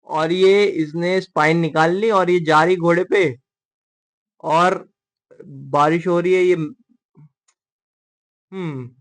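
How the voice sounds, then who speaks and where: A man hosting a manga readalong, commenting casually with rapid, joking asides. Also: a little high, fairly even intonation.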